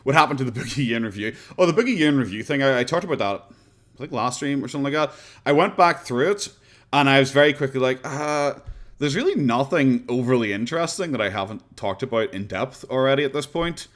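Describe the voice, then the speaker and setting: An Irish man rambles from thought to thought on a live stream, laughing easily. His middle-pitched voice is fast, lively in intonation, and sarcastic and loose in tone.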